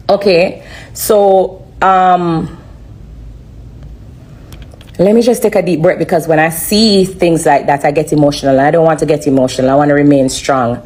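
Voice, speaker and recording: Woman, low voice, earnest halting live-stream testimony. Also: a little mellow. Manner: earnest, halting, repeats herself. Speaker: livestreamer sharing a testimony.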